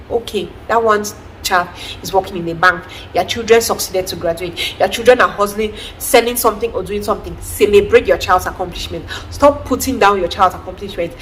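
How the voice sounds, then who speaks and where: Animated woman vlogger. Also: medium pitch, brisk, a little hiss or hum, rough recording. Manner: animated, chatty, emphatic. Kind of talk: casual advice vlog.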